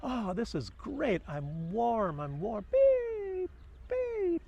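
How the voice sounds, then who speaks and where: A man voicing a small, cold baby bird that chirps in shrill, high beeps within a told fable. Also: wildly swooping pitch, extremely slow, creaky, warm tone, lo-fi sound, full character voice. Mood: delighted.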